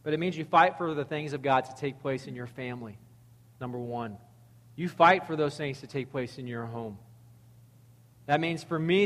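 A man preaching a sermon in a conversational, animated way, reading verses and acting out quotes. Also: fairly high pitch, long reverb tail. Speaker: pastor.

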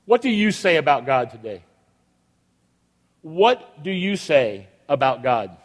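A male pastor with a notably high voice delivers a sermon, firing rhetorical questions at his listeners and dropping into other voices for the people he quotes. His words ring out with the long reverb of a large church hall. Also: sing-song, slow.

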